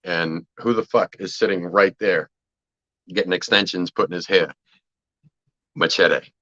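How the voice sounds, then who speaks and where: A man telling animated set stories on a podcast, swearing freely and acting out what others said. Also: sits low, unhurried, dry recording, muffled recording. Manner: animated anecdotes, acts out quoted voices, swears freely. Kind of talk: casual podcast storytelling.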